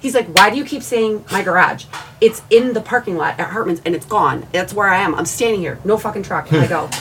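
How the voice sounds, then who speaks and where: A woman's voice: mid-range voice, expressive, brisk, noisy background. A woman co-hosting a podcast, telling a story in casual chat, laughing, swearing and quoting others. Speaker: podcast co-host.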